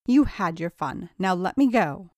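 A woman's voice: on the low side, lively intonation, unhurried, dry recording. A woman voicing a young man who is a trapped stepbrother, pleading and then defiant, in a storybook reading.

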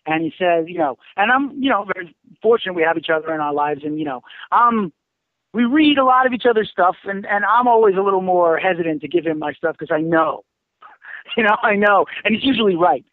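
A man's voice: high-pitched, fairly quick, dry recording, phone-quality sound. A man who writes and teaches screenwriting, talking casually, rambling and swearing as he tells stories. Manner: profane, rambling storyteller with many fillers. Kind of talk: casual podcast conversation.

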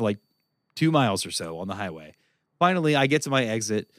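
A man telling a long story as a podcast co-host, profane and animated, laughing often. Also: medium pitch, no echo, studio quality. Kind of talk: casual storytelling chat.

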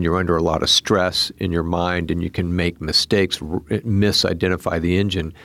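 A man hosting an aviation podcast, speaking in a measured way and explaining points clearly for listeners. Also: low-pitched, fairly bright tone, dry recording. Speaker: podcast host. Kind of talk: interview hosting.

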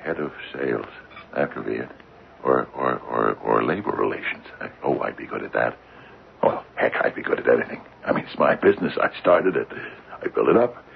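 An actor playing an anxious, aging widowed businessman in a radio drama, stammering and halting as he speaks. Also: deep voice, big pitch swings, creaky, a little hiss or hum, full character voice. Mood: musing. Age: older. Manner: stammering, halting, repeats words. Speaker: father and retired company founder. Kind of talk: 1950s radio drama acting. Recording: narrow phone-like old radio recording.

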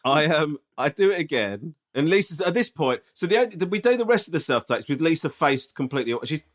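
A podcast co-host tells a story in casual chat, his voice a bit high and a little fast. He's animated, swears freely, and keeps checking in with "right?"

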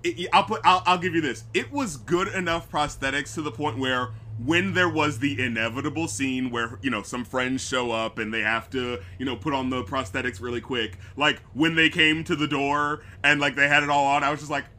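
Sweary sarcastic man, bright voice. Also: medium pitch, steady tone, brisk, hardly any pauses. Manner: sarcastic, swears a lot, acts out scenes in voices. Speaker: podcast co-host. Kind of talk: casual movie review chat.

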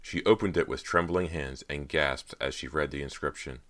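A man narrating a teen horror audiobook in a measured storytelling manner. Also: rumbling low, fairly bright tone. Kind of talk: scripted narration.

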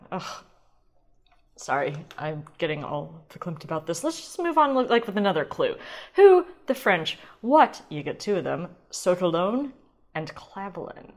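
A woman hosting a wine podcast alone at home, talking in a chatty, rambling, self-deprecating way, swearing now and then as she gushes. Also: medium pitch. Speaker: podcast host. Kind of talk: casual solo wine podcast chat. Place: home kitchen.

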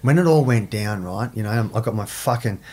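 Fast-talking husky man in his fifties. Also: on the low side, lively intonation, mellow. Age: 50s. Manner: blunt and emphatic, swears freely, says "mate" constantly. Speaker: podcast guest. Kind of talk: casual interview chat.

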